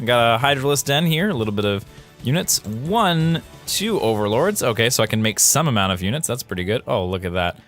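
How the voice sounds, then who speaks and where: Brief: male game developer, casual commentary over footage, excitable exclamations, faint music bed. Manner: animated, quick exclamations and jumps in pitch.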